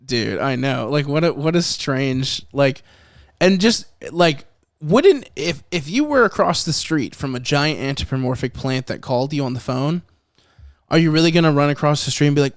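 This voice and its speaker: A fairly high-voiced man talking through a film in relaxed podcast chat. He is animated and curses freely, and he slips into quick impressions of the characters. The sound is dry and close. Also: dry recording. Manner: animated, swearing, acts out movie lines. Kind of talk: casual chat.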